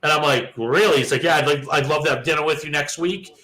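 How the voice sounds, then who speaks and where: Bright-voiced man telling a casual story. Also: fairly high pitch, quick pace, poor audio. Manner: profane, animated storyteller who acts out quoted dialogue. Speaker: podcast co-host.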